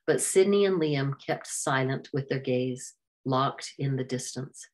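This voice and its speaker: A woman narrating a children's adventure storybook in a steady, clear reading voice. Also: very deep voice, measured pace.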